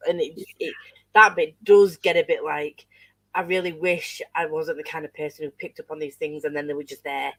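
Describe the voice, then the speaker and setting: A woman guest in a casual book club chat, animated, laughing often and swearing freely as she reviews a novel. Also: low-pitched, normal speed, dry recording.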